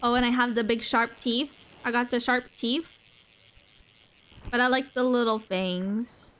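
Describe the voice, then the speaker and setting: A young woman streaming a game in casual chat, excitable, gasping often and repeating her phrases. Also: on the high side, unhurried.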